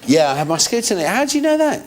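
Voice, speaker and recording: A man's voice: big pitch swings, fast talker, noisy background. A man in his late thirties, a comedian guest on a chat show, talking jokily and slipping into character voices. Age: 30s. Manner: jokey, slips into squeaky character voices. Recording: TV studio with audience.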